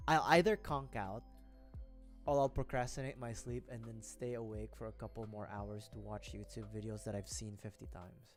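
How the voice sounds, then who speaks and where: A man's voice: fairly low pitch, fairly even intonation, normal speed, faint music behind. Rambling, laughing young man streamer. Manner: rambling, self-deprecating, swears casually, laughs often. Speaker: livestreamer building model kits. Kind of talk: casual rambling chat to viewers.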